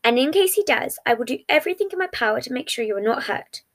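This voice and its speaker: A woman's voice: high-pitched, animated, quick pace. Formal, careful young man, as a woman reads him. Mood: gentle. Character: formal, precise young man comforting a friend. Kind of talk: fan fiction reading.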